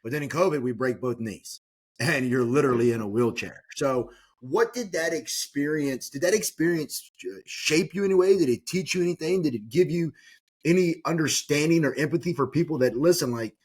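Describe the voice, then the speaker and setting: Husky male podcast host. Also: a little high, a little fast. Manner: rambling, searching questions. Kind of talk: interview questions.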